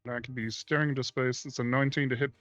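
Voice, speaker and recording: A man playing a tabletop game, wry and quick to laugh at his own jokes. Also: mid-range voice, fairly even intonation, a bit bright, no echo. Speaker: player. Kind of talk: casual tabletop play. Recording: dull lo-fi stream audio.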